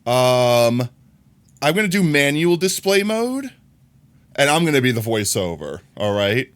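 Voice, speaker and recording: A man chatting casually with his viewers on a live stream, playful and teasing, laughing often and breaking into high squeals. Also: big pitch swings, a little slow, smooth.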